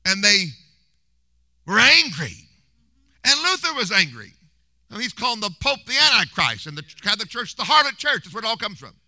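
A man preaching a sermon in a church, telling history as an animated, humorous story and mimicking voices. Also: sits high, a little fast, no room sound.

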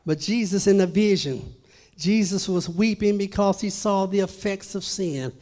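A man preaching a sermon at a church service, swinging from hushed to loud, emphatic calls. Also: high-pitched, normal speed.

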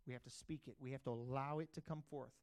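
A middle-aged pastor, preaching a sermon in a conversational storytelling way, swinging from loud bursts to quiet asides. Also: male voice, mid-range voice, fairly even intonation, fast talker.

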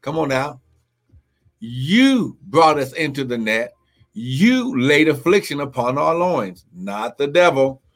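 A man's voice: medium pitch, very animated, slow. A man preaching a live-streamed sermon, with fervent repetition, calls of glory and speaking in tongues, greeting online viewers by name.

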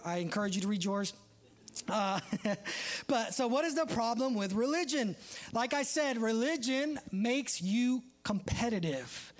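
A preacher giving a sermon in a conversational style, with joking asides and laughter. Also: medium pitch.

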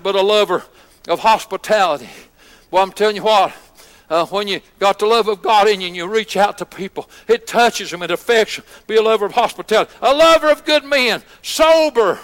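A man's voice: high voice, fairly quick, a bit bright, in a large hall. A man pastor, preaching a folksy, story-driven sermon that rises into fervent exhortation. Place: church sanctuary.

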